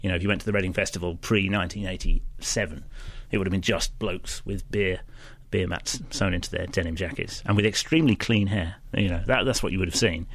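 A man's voice: deep voice, fairly quick, hardly any pauses, fairly bright tone. A man reviewing films in casual radio chat, rambling and opinionated with many restarts. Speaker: film critic.

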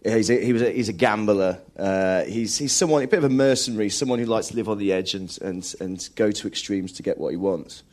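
Brief: male actor, slightly low voice, halting, restarts a lot mid-thought, live radio guest. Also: darkish tone. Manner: halting, restarts often while searching for words. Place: live radio broadcast at a film festival.

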